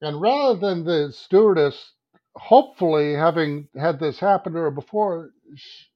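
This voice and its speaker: During a podcast interview, a man in his fifties who works as an advertising creative director spins a long story, swearing and voicing his own thoughts aloud in an animated way. He speaks at normal speed with a fairly high pitch, and the audio is dull and lo-fi.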